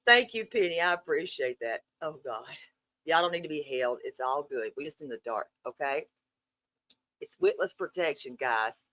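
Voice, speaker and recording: A woman's voice: low voice, big pitch swings, measured pace, pauses often, sharp tone, no room sound. A woman hosting a casual live stream, greeting viewers in a sassy, profane, playful way. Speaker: livestream host. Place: dark room at home.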